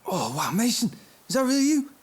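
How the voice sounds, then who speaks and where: A man's voice: extremely high pitch, fairly quick, husky, full character voice. A man voicing a friendly, chatty male snail who has fallen on hard times, in an audiobook drama. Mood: surprised. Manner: chatty and eager, lively intonation.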